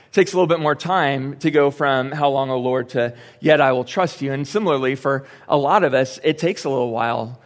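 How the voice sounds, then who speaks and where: A young man preaching a sermon in a church, speaking in a conversational way with joking asides and quoted lines acted out. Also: medium pitch. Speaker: pastor. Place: church sanctuary.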